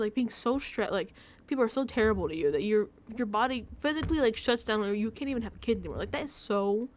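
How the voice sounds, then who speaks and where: A young female vlogger reacting to a reality show recaps it in a casual, animated rant, packed with filler and frequent laughter at her own exasperation. Her voice is mid-range.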